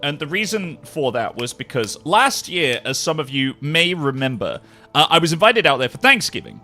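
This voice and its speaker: A man chatting casually with his livestream viewers, jet-lagged, animated, swearing freely and laughing often. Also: on the high side, normal speed, faint music behind. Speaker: live streamer.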